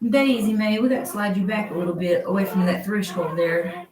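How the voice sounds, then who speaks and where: A woman's voice: medium pitch, expressive, brisk, slight background noise. Tired woman coaxing her dog, echoey room. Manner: soft, coaxing talk to the dog. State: tired from being up all night. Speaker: pet rescuer filming her dog giving birth. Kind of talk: casual running commentary while tending a dog. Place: room at home with whelping dog. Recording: roomy, distant home recording.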